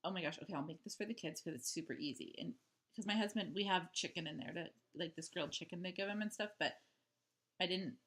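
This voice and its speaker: A woman's voice: lowish voice, fast, fairly bright tone. A woman chatting casually at home in a video diary, rambling with lots of "like" and "um". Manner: rambling, full of "like" and "um" fillers. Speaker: vlogger. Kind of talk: casual diary-style chat.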